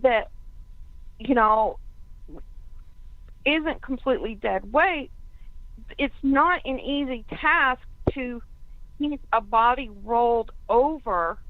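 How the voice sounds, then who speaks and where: A woman talks slowly and hesitantly on a conference call, restarting her sentences as she works through her thoughts. Her voice sits a little high. It comes through a dry, tinny phone line. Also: no echo. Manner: hesitant, restarts, thinks aloud. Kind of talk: casual discussion on a call.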